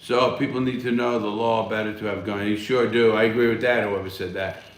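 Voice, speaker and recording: A man's voice: fairly low pitch, steady tone, fairly quick, echoey room. A man hosting a casual live stream from home, reading viewer chat and answering in a blunt, rambling way with heavy swearing. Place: at home, smoking a cigar.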